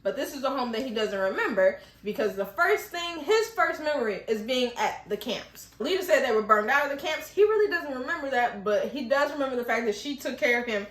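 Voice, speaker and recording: A young woman talks through a TV episode in a lively, chatty recap, jumping into the characters' lines and laughing as she goes. Her voice sits high and sounds bright and crisp. The room around her rings with an echo. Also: fairly quick, few pauses. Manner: animated, chatty, acts out quotes with laughter. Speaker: TV show reviewer. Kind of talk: casual recap and review. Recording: echoey room.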